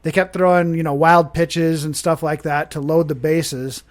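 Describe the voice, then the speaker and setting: A man's voice: fairly high pitch, steady tone, moderate pace. A man, a podcast guest, telling a rambling story in casual chat and often restarting his sentences. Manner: rambling, self-correcting storyteller.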